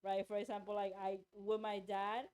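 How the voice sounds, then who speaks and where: A young woman co-hosting a podcast in casual chat, quick to laugh and react. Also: medium pitch, monotone, a little mellow, clear, resonant tone. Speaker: podcast co-host.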